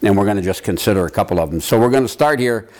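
Low-voiced man teaching a Bible class. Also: expressive, a little mellow. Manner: conversational, halting, quizzes the room. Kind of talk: informal Bible teaching to a group.

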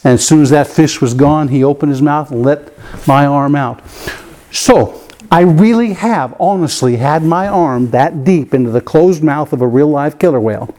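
A man preaching in a church, telling a personal story with lots of repeated words and big swings in pitch for emphasis. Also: moderate pace, mellow. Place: church room with a piano.

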